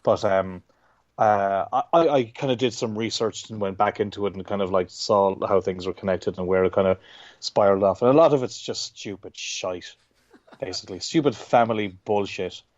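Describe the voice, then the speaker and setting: Rambling Irish man, low voice. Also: normal speed, a little mellow, no echo, muffled recording. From Ireland. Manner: rambling, self-interrupting, swears casually. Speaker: guest comic artist. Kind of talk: casual interview chat.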